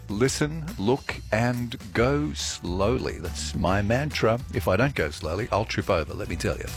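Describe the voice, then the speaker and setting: Chatty Australian radio host, low-voiced man. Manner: chatty, meandering, self-correcting. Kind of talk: casual morning radio talk. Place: radio studio. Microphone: studio microphone.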